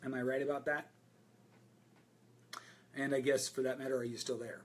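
This man is a voice and presentation coach running a group video call, where he answers the audience's voice and speaking questions frankly and energetically, dropping in lots of fillers. He talks at a normal speed with a medium pitch.

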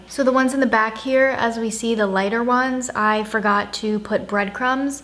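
A woman's voice: on the high side, fairly even intonation, normal speed, a bit bright, echoey room. A young adult woman hosting a casual home cooking vlog, sarcastic and self-mocking as she talks through the recipe. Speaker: cooking vlogger. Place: home kitchen.

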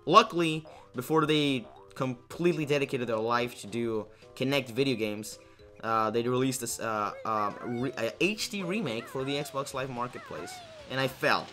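A young man hosts a let's play, casually commenting as he plays a video game, rambling and poking fun at himself with plenty of fillers and restarts. His mid-range voice moves at normal speed with a sharp tone, and faint music plays behind.

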